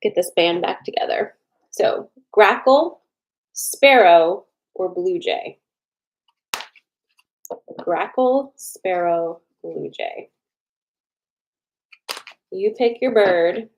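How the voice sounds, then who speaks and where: A young adult woman hosting a casual livestream, chatting with viewers, greeting them by name and slowly repeating their choices before a card reading. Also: fairly low pitch, animated, slight background noise, low-quality recording.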